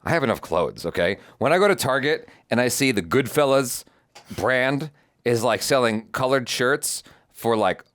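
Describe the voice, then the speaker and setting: Animated man telling jokey stories. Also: mid-range voice, normal speed, no echo. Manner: animated storytelling, jokey, swears casually. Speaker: reaction channel co-host. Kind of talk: casual chat.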